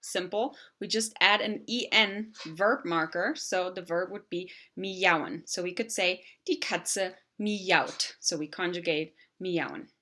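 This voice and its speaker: This woman in her thirties grew up in Germany, and German is her first language. She teaches in a relaxed, chatty way, filling gaps with ums and uhs. Her voice sits a little low yet sounds crisp and bright. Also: unhurried, few pauses. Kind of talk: casual video lesson.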